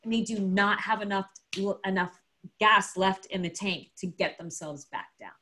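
Speaking at a moderate pace in a medium pitch, a female interview guest spins an animated, casual story, performing the dialogue and using plenty of filler words.

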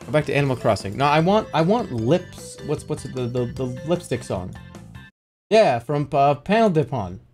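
A man's voice: medium pitch, moderate pace. A man streaming casually, arguing playfully with his chat. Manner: argumentative, animated banter with chat. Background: faint music.

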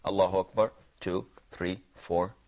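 A man's voice: sits low, steady tone, measured pace, a little mellow. A man teaching a religious jurisprudence class, explaining points and quizzing students by name. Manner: questioning, explanatory, repeats himself. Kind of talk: classroom lesson with questions to students.

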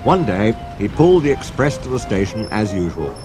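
A man narrating a children's story with an expressive reading manner. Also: on the low side, normal speed. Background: music.

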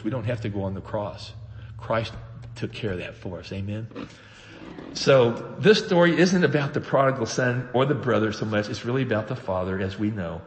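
A man preaching a sermon as pastor, telling the story with animated voices for its characters. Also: medium pitch, long reverb tail, a little hiss or hum. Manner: animated storytelling, acting out voices of the father and sons. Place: church sanctuary.

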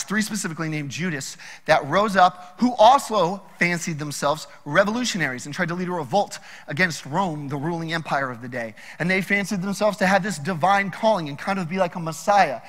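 A man preaching a sermon in a casual, animated storytelling way. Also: high voice, in a large hall. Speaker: pastor.

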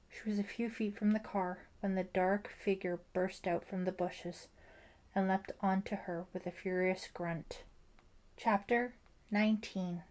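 A woman narrating a suspense novel as an audiobook, in a measured, even storytelling manner. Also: medium pitch. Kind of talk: scripted narration.

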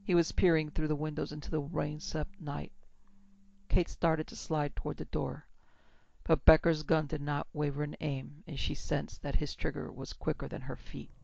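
A woman narrating a horror story in a steady, dramatic storytelling manner. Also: deep voice, normal speed, gravelly, dry recording. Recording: dull lo-fi with faint music.

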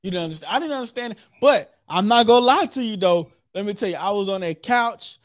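An excitable co-host in loose wrestling talk, acting out each moment with sound effects. The voice sits in a middle register. The sound is dry and close, with no room around it. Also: medium pitch, fast talker, dry recording. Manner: animated, acts out what happened with sound effects. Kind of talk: casual wrestling chat.

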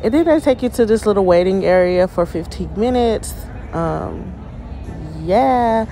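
A woman's voice: medium pitch, animated, unhurried, gravelly, dark tone, rough recording. A woman, talking casually and dramatically to her viewers in a vlog, sounding tired. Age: 20s. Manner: chatty and dramatic, often calling out to viewers. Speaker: vlogger. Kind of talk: casual vlog talk to camera. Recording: phone video with car noise.

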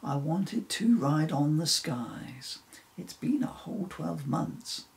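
A man's voice: a little high, sing-song, takes it slowly, vocal fry, darkish tone, exaggerated voice. A man reading a children's story voices a remorseful male reindeer who earnestly confesses. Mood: contrite.

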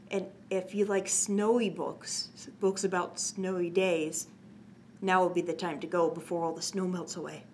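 A woman librarian reading a bedtime story aloud in a soft, gentle way, stopping to chat with young listeners. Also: on the low side, normal speed, slight background noise. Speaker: children's librarian.

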